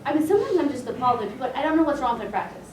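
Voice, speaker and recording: This chiropractor's voice is high, a little mellow, and very animated as she races through a relaxed, talkative seminar for fellow practitioners, performing snatches of dialogue. Recorded from a distance in an echoey meeting room, with a touch of hiss or hum.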